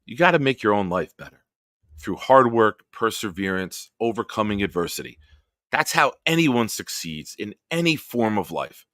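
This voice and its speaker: A man's voice: on the low side, pushed and bright, no echo, studio quality. A man hosting a live-stream sports chat, ranting profanely and heatedly, then chatting with viewers. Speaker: host.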